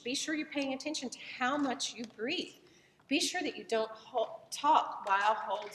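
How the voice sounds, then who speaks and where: A woman with a Southern American accent, a voice teacher lecturing in a relaxed, conversational way with frequent fillers and restarts. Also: mid-range voice, a little hiss or hum. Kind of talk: recorded lecture. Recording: echoey room, voice from far off the mic.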